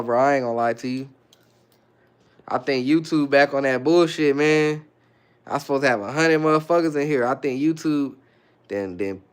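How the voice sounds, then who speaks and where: A man from the Bay Area hosting a livestream, reading viewer comments aloud in a loose, slangy, muttering way. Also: mid-range voice. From San Francisco Bay Area. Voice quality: laid-back, slangy, mutters asides. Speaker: livestream host.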